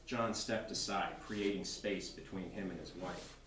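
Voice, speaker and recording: Male author reading, lively pitch, distant mic in an echoey bookstore. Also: moderate pace, slight background noise. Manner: expressive, animated reading. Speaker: novelist. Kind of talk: reading his novel aloud. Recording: roomy bookstore from far off.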